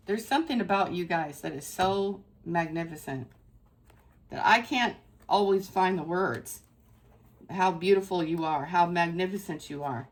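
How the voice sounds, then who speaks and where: A woman's voice: lowish voice, unhurried. Effusive woman giving a tarot reading. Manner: effusive and emphatic, repeating phrases for stress. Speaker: tarot reader. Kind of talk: casual spiritual tarot reading to camera.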